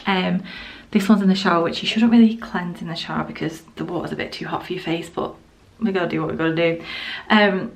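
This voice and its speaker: A woman's voice: fairly low pitch, fairly even intonation, fairly quick, creaky. A young woman chatting casually in a vlog, a bit out of breath and rambling with many fillers. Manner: rambling, full of fillers and restarts. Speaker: vlogger. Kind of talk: casual skincare vlog chat.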